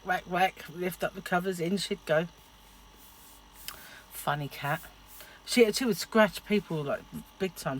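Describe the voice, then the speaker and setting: A middle-aged woman vlogging in a casual, chatty way, telling stories and laughing often. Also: fairly low pitch. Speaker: diet vlogger. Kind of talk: casual chat.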